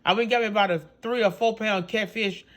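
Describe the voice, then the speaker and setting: A middle-aged man from Louisiana with a Cajun accent, chatting casually as he hosts a home cooking video, folksy and quick to laugh. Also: high voice. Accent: Louisiana Cajun English. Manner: chatty and animated, laughs often, folksy dialect. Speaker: cooking show host.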